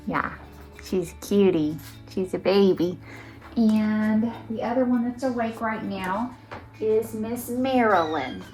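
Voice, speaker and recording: A woman chatting at an unhurried, gentle pace with a lowish voice, talking to her camera on a tripod at home. Her manner is soft and chatty, and she slips into cooing baby talk. Faint music plays underneath. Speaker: knitting vlogger. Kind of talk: casual vlog chat. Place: living room at home.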